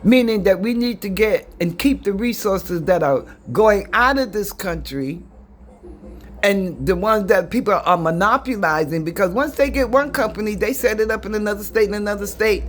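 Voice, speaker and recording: A man talking to viewers in casual commentary, pausing with fillers and restarts as he goes. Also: high voice, a little hiss or hum. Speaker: commentator reacting to clips.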